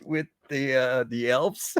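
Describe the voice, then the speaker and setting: Podcast host, male, casual toy chat; mocking, giggly, unhurried delivery, slips into French. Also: mid-range voice, steady tone, clear, resonant tone, dry recording, studio quality. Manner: mocking, giggles between remarks; switches into French at times.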